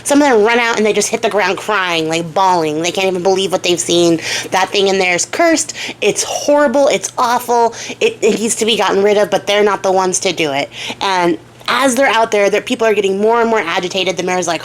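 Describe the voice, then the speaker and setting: A young woman retells an old fairy tale in a chatty, slangy style, dropping in swears and side comments to her viewers. Her voice sits at a middle pitch. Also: a little fast, slight background noise. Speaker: storyteller and craft vlogger. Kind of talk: casual storytelling.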